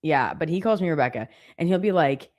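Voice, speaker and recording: Low-voiced woman telling stories. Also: fairly quick. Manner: animated storyteller, mimics her husband. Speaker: co-host of a live trading stream. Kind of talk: casual chat.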